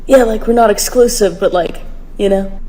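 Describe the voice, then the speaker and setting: A woman streamer with an Australian accent, playing out deadpan comedy sketches. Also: medium pitch, normal speed, low-quality recording.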